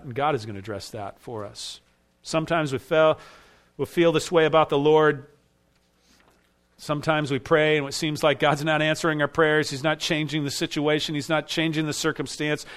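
A man's voice: on the high side, steady tone, moderate pace, a bit bright. A man preaching an expository sermon with emphatic rising bursts. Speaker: pastor.

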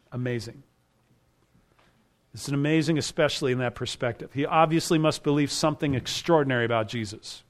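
Male pastor, fairly high voice, emphatic expository preaching with sharp loud-soft swings. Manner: emphatic, repeats key phrases, swings between loud and quiet. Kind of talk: expository sermon.

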